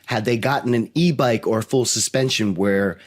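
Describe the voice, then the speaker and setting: A man co-hosts a podcast in casual conversation, arguing points in a playful, teasing way and playing devil's advocate. He talks at normal speed in a mid-range voice.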